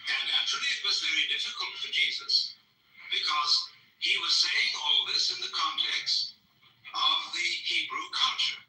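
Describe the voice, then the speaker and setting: A man's voice: high-pitched, sing-song, moderate pace, bright, forceful tone. A man giving a public lecture to an audience, witty and discursive, telling stories. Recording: roomy hall, mic far off.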